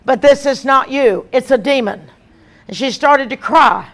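A woman's voice: high voice, a little slow. Emphatic woman evangelist preaching. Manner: emphatic, animated preaching with repeated lines. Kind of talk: sermon.

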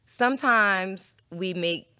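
A woman from Philadelphia talking as a podcast guest in casual chat, candid and emphatic, slowing down to stress her points. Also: medium pitch, sharp tone, clear, resonant tone. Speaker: podcast guest, former dancer.

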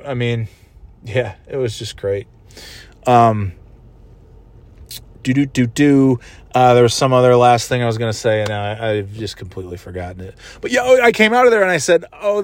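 A man's voice: medium pitch, no echo. A man casually rambling as a vlogger, swearing a lot, laughing often and making goofy sound effects. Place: just left a wrestling event in a city.

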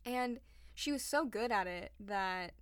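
A woman's voice: mid-range voice, lively intonation, a little slow, clean tone, dry recording. A young woman co-hosting a podcast, telling a history story in a chatty way, full of "like". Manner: chatty, lots of "like", acts out quotes. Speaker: podcast co-host. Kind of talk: casual storytelling chat.

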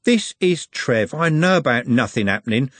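A man's voice: medium pitch, lively intonation, moderate pace, a bit bright, dry recording. A man voicing a blunt, hot-tempered young street lad who snaps exasperated retorts in an audiobook.

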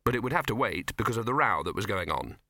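A man narrating a comic fantasy novel as an audiobook, in a dry, measured storytelling manner, recorded close to the mic. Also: lowish voice, big pitch swings, sharp tone, dry recording. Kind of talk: scripted narration.

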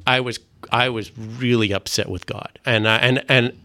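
A man's voice: medium pitch, fairly even intonation, bright, forceful tone, no echo. A middle-aged man, earnestly telling his faith testimony in a conversation, often restarting his sentences. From Canada. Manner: earnest, halting, with frequent restarts. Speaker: guest sharing a faith testimony.

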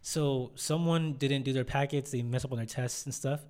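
A man's voice: medium pitch, steady tone, moderate pace, a little mellow, clean tone. A young man, hosting a podcast, chatting casually and acting out the voices in his stories. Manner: rambling storyteller, acts out quotes. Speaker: podcast host. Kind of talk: casual chat.

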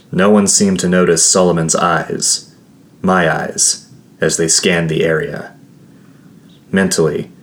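A man reading a first-person fantasy story as an audiobook, in measured, dramatic narration. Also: deep voice. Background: soft guitar music.

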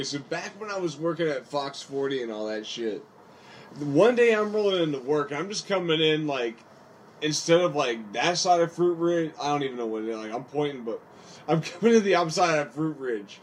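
A man's voice: a little high, animated, a little fast, recorded from a distance, slight background noise. A young man from West Virginia in a casual podcast chat, talking loosely and profanely with lots of "like". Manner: loose, profane, filler-heavy with "like".

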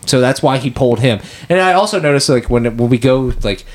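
A man's voice: mid-range voice, expressive. A man co-hosting a podcast in casual chat, rambling with many restarts and acting out quotes from scenes. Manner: rambling, halting, acts out quotes. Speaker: podcast co-host.

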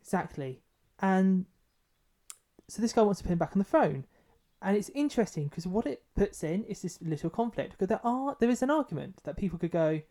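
A man co-hosting a book podcast speaks in a high, sing-song, dark-toned voice at a brisk pace. His talk is casual and loose, marked by hesitation, many restarts and fillers.

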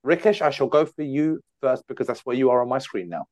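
A man's voice: mid-range voice, fast talker, darkish tone, dry recording, clean studio sound. Jokey scottish man hosting a quiz. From Scotland. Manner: jokey, bursts into mocking impressions. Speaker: podcast host running a quiz. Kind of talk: casual chat.

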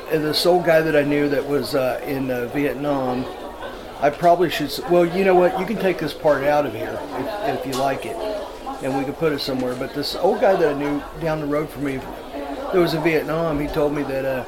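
Casting: rambling, fill-word-heavy storyteller, man, slightly high voice. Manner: rambling, with many fillers and laughs. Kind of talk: casual storytelling.

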